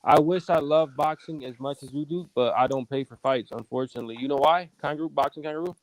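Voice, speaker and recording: A man's voice: on the high side, quick pace, dry recording, poor audio. A man in a casual debate who keeps repeating his point insistently. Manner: insistent and repetitive.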